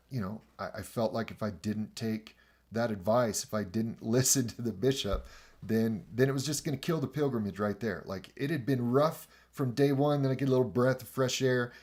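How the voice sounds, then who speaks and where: Guy telling a story, acts out the dialogue, chuckles here and there, lots of uh and like. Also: mid-range voice. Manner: animated, acts out quoted dialogue, chuckles mid-sentence; frequent fillers and restarts, conversational. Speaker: podcast host recounting a pilgrimage. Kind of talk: casual personal storytelling.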